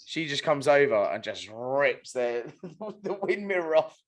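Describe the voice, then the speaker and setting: A man's voice: medium pitch, big pitch swings, unhurried. Casual British man telling a story. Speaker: co-host. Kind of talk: casual chat.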